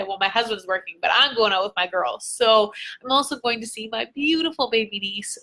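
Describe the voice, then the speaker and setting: A young woman coach gushes to her followers in a casual livestream, chatty and excited. Her voice sits a little high and sounds bright and forward. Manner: bubbly and gushing, chatty. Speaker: business coach.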